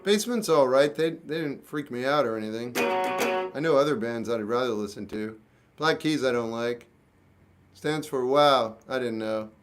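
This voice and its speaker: A man's voice: medium pitch, moderate pace, faint music behind. A man casually answering chat comments on a livestream with dry, jokey, offhand replies.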